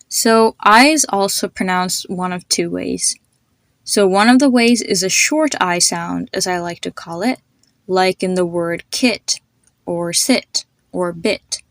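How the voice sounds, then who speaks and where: A woman hosting a podcast, patiently explaining pronunciation, spelling words out letter by letter and slowing down to demonstrate each sound. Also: mid-range voice, dry recording. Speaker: podcast host.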